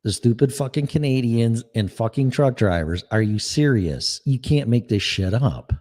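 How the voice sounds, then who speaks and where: A man's voice: medium pitch, animated, normal speed, a little mellow. A man, giving a profane, sarcastic, exasperated political rant. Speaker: political commentator. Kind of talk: ranting monologue.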